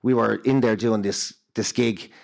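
A man's voice: on the low side, normal speed, creaky. Irish man, Dublin accent, comedian, chatty anecdotes, laughs a lot. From Ireland. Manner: animated anecdotes, laughs often, acts out voices in quotes. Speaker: stand-up comedian guest. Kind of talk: casual chat, storytelling.

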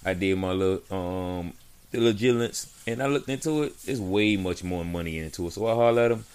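A man's voice: low-pitched, fairly quick, a little mellow, clean tone. A man who drives trucks for a living, telling how his week went in a laid-back, slangy casual chat. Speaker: truck driver, podcast co-host.

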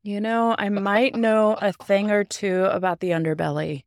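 A woman's voice: mid-range voice, fairly even intonation, moderate pace, no room sound, studio quality. A woman in her thirties, a pastor and podcast co-host, chatting reflectively and often agreeing. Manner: warm agreeing interjections, reflective. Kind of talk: casual theological chat.

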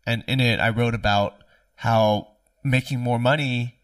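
A man's voice: mid-range voice, steady tone, measured pace, no echo, studio quality, distant mic. A man hosting a podcast interview, asking curious questions in a casual, filler-heavy way. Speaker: podcast host.

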